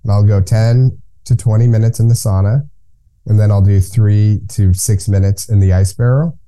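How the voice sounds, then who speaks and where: Male guest, low mellow voice, calm and instructive. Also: normal speed. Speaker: guest, cold plunge business owner. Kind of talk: conversational interview.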